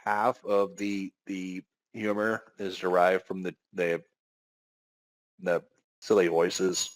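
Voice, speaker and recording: A young man co-hosting a podcast in casual chat, relaxed and stammering a little at the start of his sentences. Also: low-pitched, takes it slowly, low-quality recording. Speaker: podcast co-host.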